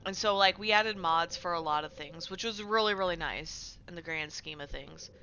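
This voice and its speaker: Lowish, forceful young woman streamer. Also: moderate pace, muffled recording, slight background noise. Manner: loose and profane, rambling with fillers, replying to chat. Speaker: game streamer. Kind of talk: casual live-stream chat while gaming.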